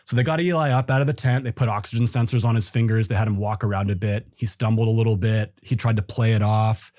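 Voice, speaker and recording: Low-voiced man telling a climbing story. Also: fast talker, no room sound, clean studio sound. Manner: animated storyteller acting out quotes. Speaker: guest climber. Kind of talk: casual storytelling.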